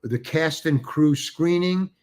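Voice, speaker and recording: A man's voice: a little high, a little mellow. Rambling older man telling stories. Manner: rambling, halting, with restarts and acted quotes. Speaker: guest actor. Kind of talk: anecdotal storytelling.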